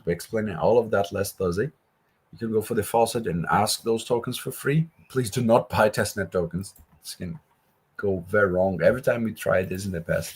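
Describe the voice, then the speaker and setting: A man's voice: lowish voice, a little mellow, husky. A man teaching a live coding workshop, explaining each step in a conversational way with asides. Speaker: workshop instructor.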